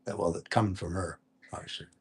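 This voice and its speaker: A man hosting a live stream in casual chat, telling easygoing stories in a quiet, distinctive voice. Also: steady tone, fast talker, breathy edge. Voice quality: distinctive low voice that people remember. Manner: easygoing, chatty storyteller; talks quietly and is sometimes hard to hear. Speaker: livestream host.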